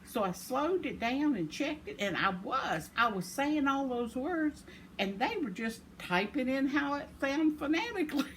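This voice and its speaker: Her voice high and her intonation lively, an older woman vlogger talks at a normal speed through a wandering, casual tale. She punctuates it with self-deprecating chuckles, and the recording, made at home, carries plenty of noise.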